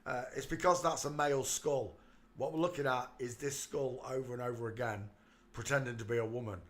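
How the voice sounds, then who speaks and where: A man's voice: medium pitch, steady tone, a little fast, a bit bright. A man hosting his channel, giving mocking commentary over photos and calling out to the viewer. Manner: jeering, talks to the viewer, breaks into laughter. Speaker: channel host.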